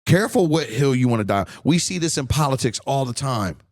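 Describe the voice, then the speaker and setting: A man's voice: medium pitch, expressive, a little fast. A man in his forties from the United States, hosting a solo podcast in a blunt, heated rant full of swearing and repeated words. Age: 40s. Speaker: podcast host.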